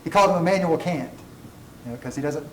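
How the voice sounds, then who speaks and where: A man lectures on ethics to a classroom, wandering into tangents and making fun of himself along the way. His fairly high voice carries through an echoey room, picked up by a mic set well back. A faint hum of room noise sits underneath. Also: lively intonation, racing, distant mic. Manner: digressive, self-deprecating humor. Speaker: college ethics instructor.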